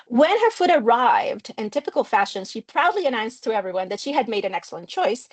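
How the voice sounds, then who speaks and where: A middle-aged woman from Mexico, a non-native English speaker, giving an academic linguistics lecture over a video call and explaining with personal anecdotes. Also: a little high. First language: Spanish. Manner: clear, engaging explainer who tells personal anecdotes. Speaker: linguistics researcher giving a seminar talk.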